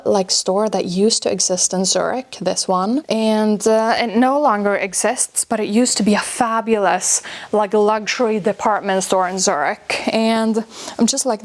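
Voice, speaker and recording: A woman vlogger chatting casually about her winter coats, gushing with stacked superlatives. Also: medium pitch. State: a bit out of breath from carrying coats. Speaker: fashion vlogger. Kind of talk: casual chat to camera.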